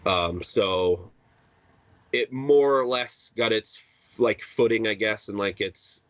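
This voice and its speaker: A low-voiced man rambles through a casual podcast chat, circling back with fillers and restarts. The sound is dull and dry, like a cheap home setup. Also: slow, no echo. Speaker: podcast co-host.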